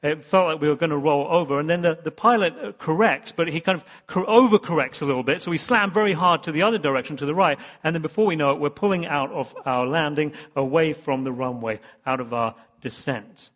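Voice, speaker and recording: A slightly high-voiced man preaches from the front of a church, telling a rambling, self-deprecating story full of false starts. His voice rings with a long reverb in a big hall, and the recording sounds somewhat dull and muffled. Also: brisk, hardly any pauses, fairly bright tone. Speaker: pastor. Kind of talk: sermon.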